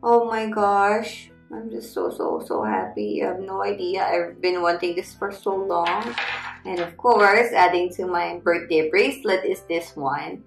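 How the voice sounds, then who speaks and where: A woman unboxing gifts for her vlog, unhurried and gushing with delight, thanking the sender again and again. Her voice rings in an echoey room with faint music underneath. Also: lowish voice, gravelly. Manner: gushing, excited, thanks repeatedly.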